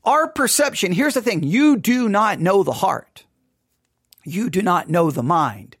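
A male preacher with a high, lively voice that swings widely in pitch. He delivers his sermon emphatically, piling up rhetorical questions and repeated phrases. The sound is dry and close to the mic. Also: unhurried, slightly rough, no room sound.

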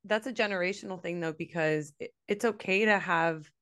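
A woman's voice: lowish voice, fairly quick, fairly bright tone, clear, resonant tone. A young woman co-hosting a podcast who talks in a chatty, reassuring way, with many fillers. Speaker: podcast co-host. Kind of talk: casual chat.

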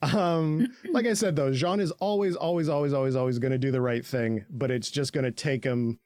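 A man's voice: mid-range voice, brisk, a little mellow, no echo, clean studio sound. A man co-hosting a podcast, recapping an episode in casual chat, laughing often, swearing freely and slipping into goofy voices for the characters. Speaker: podcast co-host.

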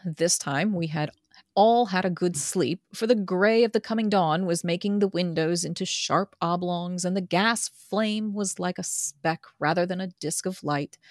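A woman reading a classic novel aloud in a steady way, sometimes breaking into laughs. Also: lowish voice, dry recording, clean studio sound.

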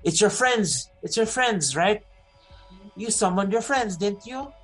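A man's voice: high-pitched, expressive, unhurried, a bit bright, pitched above the performer's own voice, exaggerated voice. A sly, menacing goblin sneers in a raised, needling voice, put on by a man running a tabletop game. Faint music plays underneath. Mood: taunting.

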